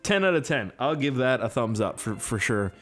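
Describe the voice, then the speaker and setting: Young male gamer, casual joking playthrough talk, animated delivery over soft game music. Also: mid-range voice, normal speed. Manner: profane, excitable, jokey. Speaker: gaming YouTuber. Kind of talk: casual gameplay commentary.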